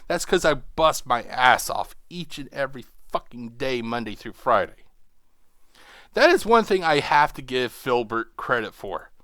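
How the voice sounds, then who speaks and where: A man's voice: medium pitch, sing-song, unhurried, fairly bright tone, no echo, studio quality. A man hosting a reaction video, ranting with profanity and sarcasm. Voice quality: mocking, sarcastic.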